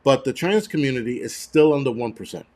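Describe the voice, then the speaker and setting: A man's voice: medium pitch, animated, fairly quick, darkish tone. A man hosting a live stream, ranting angrily and bluntly, swearing constantly and stumbling over restarts and repeated words. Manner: angry, profane and blunt. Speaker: livestream host.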